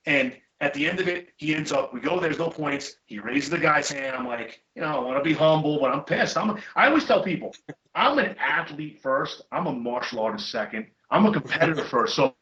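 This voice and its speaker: Middle-aged man, guest on a podcast, bright and fairly high voice, animated and blunt, recorded in an echoey room with dull lo-fi sound. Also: fairly quick. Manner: animated, emphatic, blunt with profanity. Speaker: podcast guest, chiropractor and jiu-jitsu black belt. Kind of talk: casual storytelling chat.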